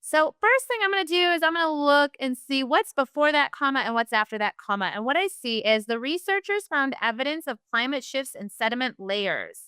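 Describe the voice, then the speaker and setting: A woman's voice: sits high, lively intonation, fairly quick, few pauses, sharp tone, dry recording, studio quality. A woman teacher, leading a virtual class in an upbeat, encouraging way and saying "y'all".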